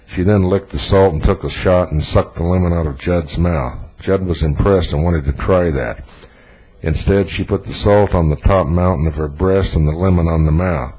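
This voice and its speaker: A man reading a novel aloud as narrator in a flat, even delivery. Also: low voice, moderate pace, slightly rough, muffled recording. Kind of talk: audiobook narration.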